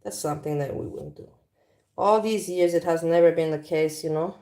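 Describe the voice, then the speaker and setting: A woman's voice: deep voice, moderate pace, dark tone. Chatty woman on a phone livestream. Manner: chatty, rambling, frank. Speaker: livestream host. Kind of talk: casual livestream chat. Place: home kitchen.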